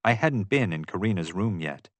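A man giving steady, measured first-person audiobook narration. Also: low-pitched, dry recording.

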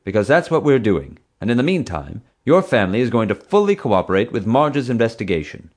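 A man's voice: medium pitch, very animated, brisk, pitched above the performer's own voice. A man reading an audiobook voices a stern, commanding female theme park boss who gives curt orders. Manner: curt, bossy, clipped orders.

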